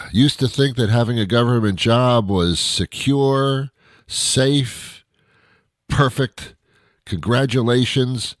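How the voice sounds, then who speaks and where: American male radio host, deep voice, sarcastic exasperated comic rant, dry studio sound. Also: no echo. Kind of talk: comedic monologue.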